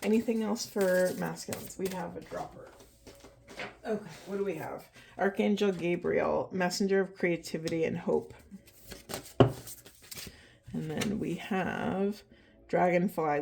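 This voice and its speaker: Slow, emotional woman reading oracle cards. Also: on the low side, steady tone, creaky, darkish tone, a little hiss or hum. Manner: slow, halting, heartfelt. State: emotional, breathing heavily, voice trembling. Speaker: oracle card reader. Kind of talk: spiritual card reading to camera.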